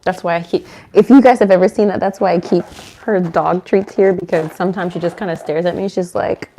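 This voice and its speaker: A woman's voice: fairly low pitch, fairly even intonation, brisk, dark tone. A young woman tarot reader chatting casually to her viewers, sometimes breaking off to coo affectionately at her dog. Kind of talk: casual tarot reading chat to camera.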